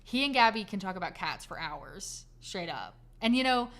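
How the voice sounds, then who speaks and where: A woman co-hosting a casual podcast, comforting a listener and telling a story with animated delivery. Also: medium pitch, normal speed. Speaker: podcast co-host. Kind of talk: casual chat.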